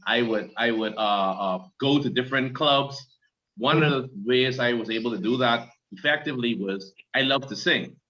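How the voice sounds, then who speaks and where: A man's voice: mid-range voice, sharp tone. A man on a panel talking in an easygoing, enthusiastic way, with some fillers. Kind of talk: casual panel chat. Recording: dull, muffled sound.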